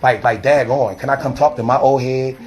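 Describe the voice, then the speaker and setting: A man, a street preacher, defensively arguing and talking fast over others while filming a confrontation outdoors on his phone. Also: medium pitch, darkish tone, muffled recording. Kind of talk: heated self-filmed confrontation. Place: outdoors by a church. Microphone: handheld phone camera.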